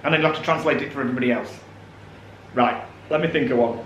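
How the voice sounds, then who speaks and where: A man's voice: medium pitch, quick pace, fairly bright tone, reverberant, lo-fi sound, a little hiss or hum. A man with a South Yorkshire accent, co-hosting a casual home vlog and teasing his husband. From South Yorkshire, England. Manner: teasing, chatty. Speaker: vlog co-host. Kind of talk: casual chat. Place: home kitchen.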